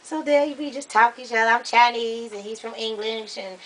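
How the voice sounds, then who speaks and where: A woman guest on a vlog, bubbly and chatty in casual talk, with loud bursts of laughter. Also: on the high side, moderate pace, far from the mic. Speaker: guest vlogger. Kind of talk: casual chat.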